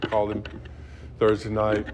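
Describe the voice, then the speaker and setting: Man, fifties, lowish voice, halting and blunt testimony, noisy recording. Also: monotone. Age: 50s. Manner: halting, restarts, blunt and profane. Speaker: speaker sharing his recovery story. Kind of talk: personal testimony at a meeting.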